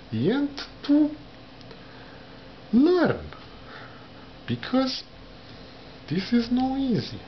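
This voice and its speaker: A man with a non-native English accent speaking to camera, in slow, halting, carefully pronounced phrases. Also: slight background noise. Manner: wide pitch swings from low murmurs to high emphasis. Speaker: vlogger. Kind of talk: talking to camera about learning a language. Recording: dull lo-fi sound with faint ambience.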